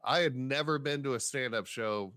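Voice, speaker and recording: A man's voice: medium pitch, moderate pace, no echo, clean studio sound. A man who is a stand-up comedian, telling stories casually in an interview and acting out the voices of people he quotes. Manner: animated, acts out quoted voices, swears casually.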